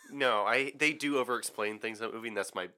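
A man's voice: medium pitch, a little fast, sharp tone. A man co-hosting a casual movie podcast, enthusiastic and teasing, laughing often. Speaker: podcast co-host. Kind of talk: casual chat.

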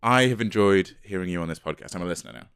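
Man, podcast co-host, animated pitch, playful teasing, casual chat. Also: very fast, smooth, no echo, studio quality.

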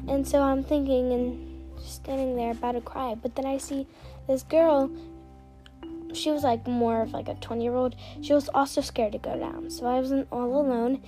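A woman hosting a podcast, telling a personal story in a casual, rambling way with lots of "like" fillers, soft-spoken and sometimes slipping into a whisper. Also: sits high, steady tone, normal speed, music in the background. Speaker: podcast host.

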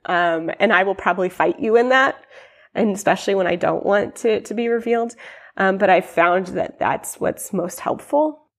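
On a podcast interview, a young adult woman guest recounts her testimony in a medium-pitched voice at a moderate pace, wandering through it with frequent fillers and restarts while performing quoted lines.

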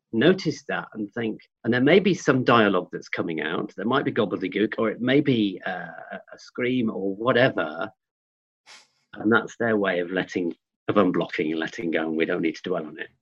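A man with a fairly low voice speaks in a thoughtful, reflective way, pausing with ums and restarting his thoughts as he explains. The audio has a dull, lo-fi quality. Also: expressive, breathy edge. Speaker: guest, forest school trainer.

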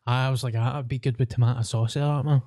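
A man's voice: medium pitch, fairly even intonation, quick pace, dark tone, dry recording, clean studio sound. A young Glaswegian man in casual, sweary podcast banter. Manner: sweary, laid-back banter. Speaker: podcast co-host. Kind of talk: casual chat.

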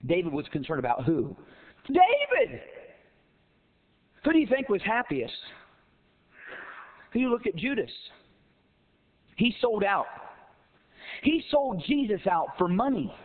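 High-voiced shouting man preaching. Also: huge pitch swings, takes it slowly, long pauses. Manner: emphatic, rhetorical questions, rising repetition and shouts. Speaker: pastor. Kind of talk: sermon. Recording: tinny phone-like sound.

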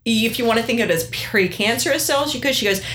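A woman's voice: fairly high pitch, fast, a little hiss or hum. A middle-aged woman in casual conversation, telling a personal story and animatedly acting out the lines of other people. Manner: animated, acts out quoted dialogue. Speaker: guest sharing her story.

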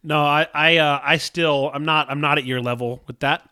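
Podcast co-host, male, excitable storyteller, forceful and fairly high voice, dry close recording. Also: normal speed, clear, resonant tone, no echo. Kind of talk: casual chat.

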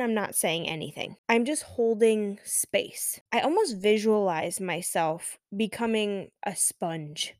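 A woman in her thirties talks through a parenting moment in a calm, measured voice of middle pitch. She lets out audible sighs now and then. The sound is dry and close, with no room behind it. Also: dry recording. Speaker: podcast host and mother. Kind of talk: reflective solo podcast storytelling.

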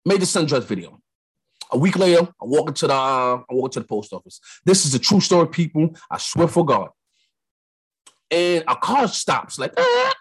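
Husky young New York man ranting. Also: on the high side, normal speed. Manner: animated storyteller, acts out quotes. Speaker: podcast host. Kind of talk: casual monologue.

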